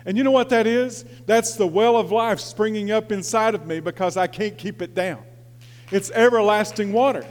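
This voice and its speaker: Pastor in his 40s, high voice, sermon in a reverberant church hall; storytelling, shifts between hushed and fired-up. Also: normal speed. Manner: storytelling, swings from quiet confiding to loud excited preaching.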